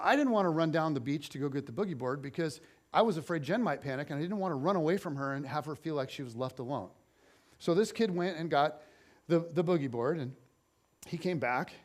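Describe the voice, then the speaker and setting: A man's voice: on the high side, fast talker. A middle-aged man preaching as a pastor, telling a story and acting out the voices in it. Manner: animated storyteller, acts out quotes. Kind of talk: sermon storytelling.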